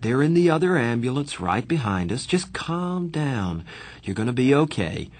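A man reading a story aloud, voicing a kindly adult man who calmly reassures an injured boy. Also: mid-range voice, normal speed. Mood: soothing. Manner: soothing, earnest, steady.

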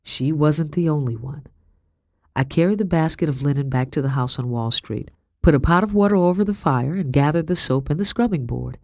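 Woman audiobook narrator, first-person historical fiction; steady, expressive, dry booth sound. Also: low-pitched, a little fast, no echo.

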